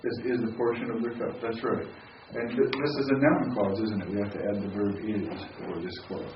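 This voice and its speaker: A man teaching Hebrew grammar in a classroom, relaxed and thinking aloud as he questions his students. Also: lowish voice, moderate pace. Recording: roomy, distant, dull classroom recording with faint hiss.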